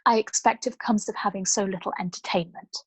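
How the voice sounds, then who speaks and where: A woman's voice: mid-range voice, fairly even intonation, fairly quick, husky, no room sound, lightly acted. A woman reading a sweetly teasing chocolatier. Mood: mock-sweet. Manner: bright, falsely sweet, loud.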